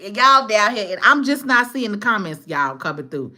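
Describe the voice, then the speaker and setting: A woman's voice: medium pitch, sing-song, moderate pace, pushed and bright. A woman hosting a livestream, chatting casually with viewers and laughing often. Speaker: livestream host. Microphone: phone camera.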